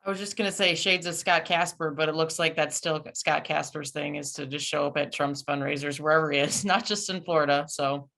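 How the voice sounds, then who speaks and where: A woman's voice: sits low, fairly even intonation, a little fast, gravelly, hardly any pauses, a bit bright. A woman panelist in a casual political discussion, chiming in with wry, amused remarks.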